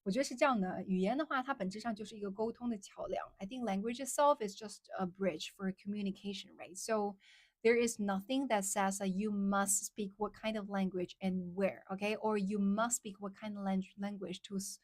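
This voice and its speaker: A young Chinese woman, a native Mandarin speaker, chats with her livestream viewers and switches freely between English and Mandarin. She restates phrases twice over as she goes, with an everyday mid-range pitch. Her voice sounds close and dry, with no room echo. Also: steady tone, brisk. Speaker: livestream host. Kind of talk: casual livestream chat answering viewers.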